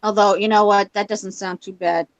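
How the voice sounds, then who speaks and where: A woman's voice: medium pitch, fairly even intonation, normal speed, dry recording, highs cut off. A woman co-hosting a casual livestream chat, telling stories with a laugh and acting out quotes. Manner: chatty, laughing, acts out quotes in storytelling. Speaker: reseller livestream co-host. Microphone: livestream setup.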